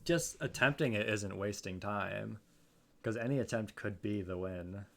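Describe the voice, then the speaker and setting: A man's voice: on the low side, a little slow, gravelly, slight background noise. A young man streaming live, talking glumly in casual chat and repeating his phrases.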